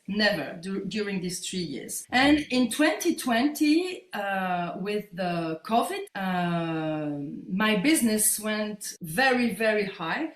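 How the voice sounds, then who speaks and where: A woman in her fifties, a native French speaker with a French accent, telling her story as an interview guest in halting English while she searches for words. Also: medium pitch. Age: 50s. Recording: roomy echo.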